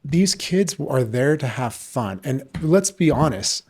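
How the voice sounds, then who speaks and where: A man's voice: mid-range voice, lively intonation, slow, a little mellow, slightly rough. A man, a jiu-jitsu coach and podcast guest, telling stories in a loose, rambling way with lots of fillers and casual swearing. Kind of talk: casual storytelling chat.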